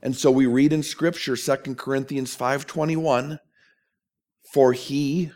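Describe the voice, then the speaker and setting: A man's voice: mid-range voice, steady tone, unhurried, darkish tone. A man preaching a sermon as a pastor, earnest and emphatic, asking questions of his listeners.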